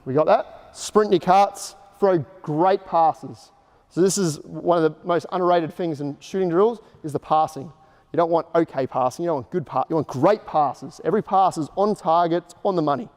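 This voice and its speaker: A man coaching a basketball clinic on an indoor court, explaining drills in short casual instructions and calling out quick cues. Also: on the high side, a little mellow. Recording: echoey gym hall reverb.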